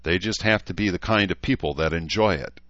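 A man's voice: low-pitched, fairly quick, fairly bright tone, no room sound, muffled recording. A man reading an audiobook voices a hard-edged young man who speaks bluntly and wryly.

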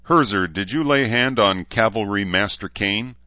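Stern veteran drill sergeant, read by a man, clipped and cold, low-pitched, dry booth. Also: normal speed, sharp tone, no room sound, lo-fi sound. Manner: clipped commands.

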